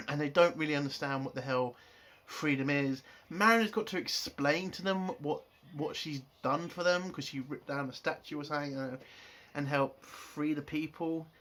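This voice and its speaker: A man's voice: on the high side, fairly bright tone. A man giving a casual spoken review of a TV episode. He rants in an exasperated way and swears a lot.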